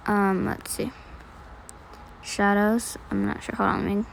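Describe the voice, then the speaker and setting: A woman's voice: medium pitch, level tone, a little slow, gravelly, slight background noise, low-quality recording. A young woman, chatty and self-deprecating, narrating an editing tutorial over her screen. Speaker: video editing tutorial creator.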